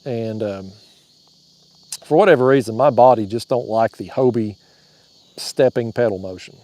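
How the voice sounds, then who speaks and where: A man's voice: medium pitch, normal speed, mellow, dry recording. Joking man on a night river. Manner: drawling, joking, laughs at his own jokes. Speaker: fishing livestream host. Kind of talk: casual livestream chat reading comments. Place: outdoors on a kayak on a river at night.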